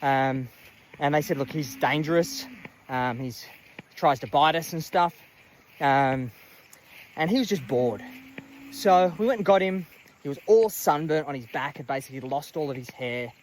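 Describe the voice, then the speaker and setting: Aussie guy rambling about his farm animals outside, kinda high voice, faint crickets behind. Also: normal speed, pauses often, a little hiss or hum, rough recording. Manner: chatty, rambling with many fillers. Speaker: animal sanctuary owner. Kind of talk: casual walking tour vlog. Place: outdoors at a farm paddock.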